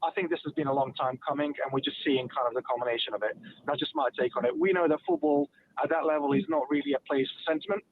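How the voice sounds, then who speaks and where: A man calls in to a radio show over a thin, tinny telephone line, with faint household noise behind him. He talks quickly, his pitch moving a lot, while keeping his points measured and matter-of-fact. His voice sits slightly higher than most men's. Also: animated, vocal fry. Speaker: radio phone-in caller. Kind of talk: call-in opinion. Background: a toddler at home.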